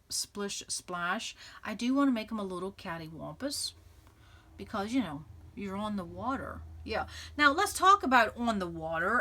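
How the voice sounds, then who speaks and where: In a casual crafting tutorial, a scrapbooking channel host talks in a mid-range voice with a sharp edge. She keeps things upbeat and chatty as she works, with plenty of laughter and thinking aloud.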